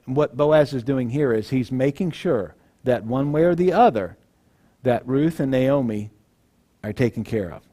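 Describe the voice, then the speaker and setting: A man's voice: mid-range voice, normal speed, warm tone. A male pastor giving a sermon in a conversational way, acting out the people in the story.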